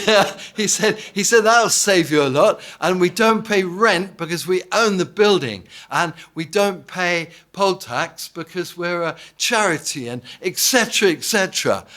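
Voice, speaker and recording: A man's voice: high-pitched, fairly bright tone. A man from England giving an informal sermon, telling anecdotes in a chatty way, acting out quoted dialogue and often checking in with his listeners. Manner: anecdotal, conversational, asks the congregation "yeah?". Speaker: preacher.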